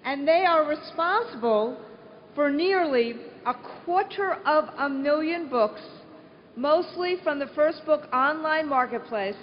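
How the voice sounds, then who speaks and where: A woman reads prepared announcements at a conference in a slow, deliberate way. Her voice is high and carries long reverb from a large hall. The sound is muffled, with faint hiss. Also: expressive.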